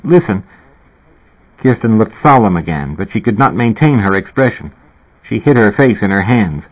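Husky man reading a novel aloud. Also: fairly low pitch, expressive, a little fast. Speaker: audiobook reader. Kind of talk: first-person novel narration. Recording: tinny phone-like audio.

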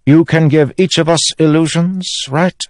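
A man's voice: fairly high pitch, steady tone, moderate pace, a little mellow, dry recording, studio quality, voice pushed up, close to an everyday voice. A man doing an eager young king. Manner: eager, earnest. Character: impulsive young male king, earnest and eager.

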